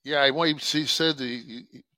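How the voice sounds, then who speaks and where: A man ranting on a podcast clip, swearing constantly in a mocking, animated way. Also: on the high side, unhurried, no room sound. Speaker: podcast host in played clip. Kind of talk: profane casual rant.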